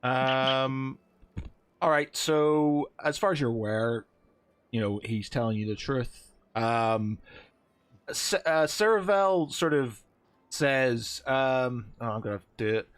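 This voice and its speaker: Slow, meandering game master man. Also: medium pitch, smooth. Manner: loose, meandering narration. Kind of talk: narrating a tabletop game.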